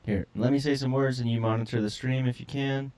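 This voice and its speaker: A man's voice: medium pitch, fairly even intonation, a little fast, darkish tone. A man co-hosting a live podcast stream, fumbling with his audio setup while joking and sounding exasperated. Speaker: podcast co-host. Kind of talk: casual live-stream chat.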